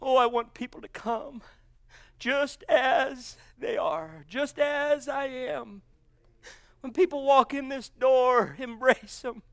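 Male preacher, very high and resonant, fervent sermon style, exclaims often. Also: takes it slowly, fairly bright tone, no echo.

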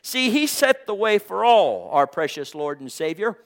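A man with a somewhat high voice preaching with fervor. He repeats phrases in a rolling cadence and scatters "praise God" through his lines. His volume swings from ringing declarations down to hushed, almost whispered words. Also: sing-song, normal speed. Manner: fervent, peppered with "praise God" and "hallelujah"; repetitive, rhythmic preaching cadence. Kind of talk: sermon.

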